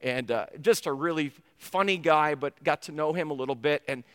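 A man preaches from a pulpit, spinning a story with lively energy. His voice sits a little high and rings bright and forceful. His words trail off into the long echo of a large hall. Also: normal speed, clean tone. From United States. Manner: animated storyteller who acts out the dialogue he retells. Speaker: pastor. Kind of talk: storytelling sermon.

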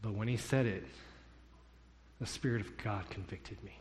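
A man's voice: fairly low pitch, normal speed, a little hiss or hum. A man preaching a sermon, telling a story and acting out the dialogue in it. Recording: long hall reverb.

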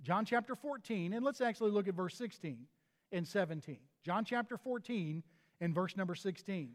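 A man's voice: sits high, lively intonation, moderate pace, long reverb tail. A pastor delivering a sermon in an earnest manner, often restarting his phrases.

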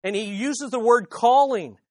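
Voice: mid-range voice, measured pace, no room sound, clean studio sound. A pastor preaching an expository sermon, stressing and repeating key phrases and asking rhetorical questions, then answering them. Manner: swings between loud peaks and hushed asides.

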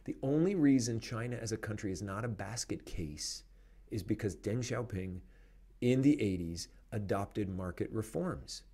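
A man hosting a podcast, speaking in an animated, emphatic way and laughing between points. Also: lowish voice, normal speed, breathy edge. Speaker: podcast host. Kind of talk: conversational commentary.

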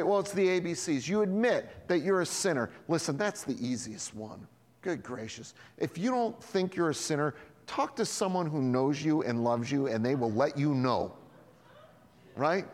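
In a church hall with long, echoing reverb, a pastor preaches a sermon in a voice on the high side at a moderate pace. He tells stories animatedly, acting out the voices of the people in them.

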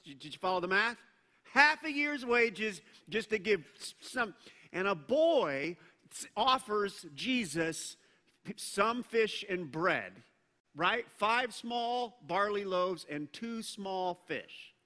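A man's voice: sits high, animated, takes it slowly, bright, forceful tone, big-room sound. A middle-aged man preaching a sermon as pastor, conversational, with joking asides and bursts of emphasis.

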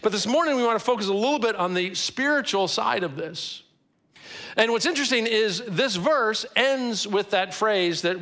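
A man in his forties, a pastor, giving a sermon in an earnest, conversational way, slowing down to stress key phrases. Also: high-pitched, sharp tone. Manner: earnest, conversational preaching with emphatic slowed phrases.

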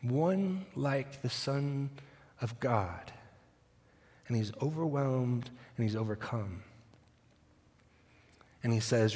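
A man's voice: medium pitch, lively intonation, slow pace, pauses often, a little mellow. A man preaching a sermon, retelling a Bible story and acting out the quotes with dry humor. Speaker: pastor. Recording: long reverb of a large hall.

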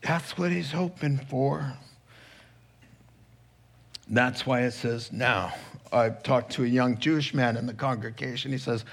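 A male pastor preaching a sermon, animated and chuckling, acting out quotes as he goes. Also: medium pitch, a little slow, vocal fry, long pauses.

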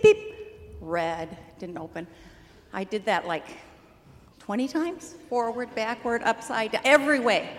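An older woman telling a personal testimony in a lively, animated way, laughing easily as she tells the story. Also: a little high, long reverb tail. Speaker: church member sharing a testimony.

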